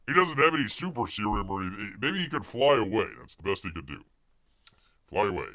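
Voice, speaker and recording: Sarcastic dude ranting about the news, super animated voice, dry close sound. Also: male voice, mid-range voice, moderate pace, pauses often, no echo. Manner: sarcastic, rambling, full of fillers and asides. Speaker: host.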